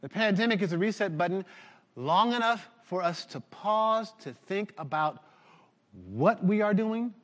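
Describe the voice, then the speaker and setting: A man preaching a sermon to his church, animated and shouting at the peaks. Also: sits high, measured pace, big-room sound. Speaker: pastor.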